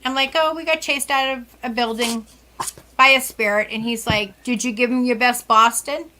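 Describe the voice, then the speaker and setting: A psychic medium from Central West Massachusetts, a woman, tells lively stories as a guest on a podcast interview, acting out other people's lines with sighs and laughs. Her voice sits a little high at normal speed, with slight background noise.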